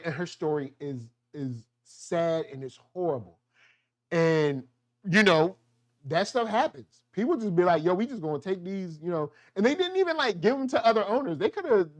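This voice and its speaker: A man giving a casual, slangy review of a TV show, animated and quick to act out the characters' lines. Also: high-pitched. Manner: slangy, animated, acts out quotes. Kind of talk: casual solo TV review talk.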